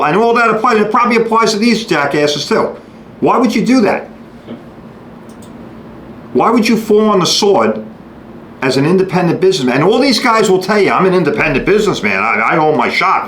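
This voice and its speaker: A man hosting a podcast, giving a blunt, sarcastic monologue and acting out customers and shop staff in quick quoted bits. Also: medium pitch, a bit bright. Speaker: podcast host. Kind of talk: opinionated monologue. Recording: echoey room with faint noise.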